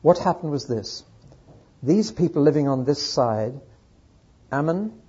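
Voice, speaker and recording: A man teaching through a Bible book to an audience, telling the story earnestly and dropping into quiet asides. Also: on the high side, animated, a little slow, breathy edge, highs cut off.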